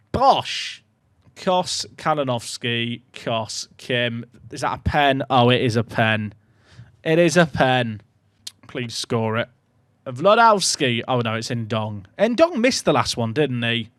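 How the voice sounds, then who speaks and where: A young man commentating his own football management game at home, chatty and excitable, shouting when goals go in. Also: medium pitch, no echo, studio quality. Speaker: gaming YouTuber. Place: home room.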